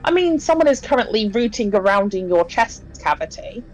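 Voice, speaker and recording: A woman running a tabletop horror game, describing gory scenes in a chatty, rambling way with lots of fillers. Her voice sits at a middle pitch, with faint music playing behind. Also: big pitch swings, fairly quick, rough recording. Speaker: game master.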